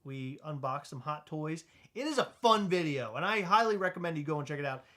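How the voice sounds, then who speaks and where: A man co-hosting a podcast in casual chat, loud, joking and teasing. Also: a little high, expressive, a little fast. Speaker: podcast co-host.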